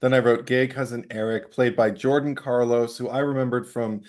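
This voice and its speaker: A man's voice: mid-range voice, little pitch movement, darkish tone. A man co-hosting a casual movie podcast, easygoing, laughing easily and reading out his notes. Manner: easygoing, quick laughs and short agreements. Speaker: podcast co-host.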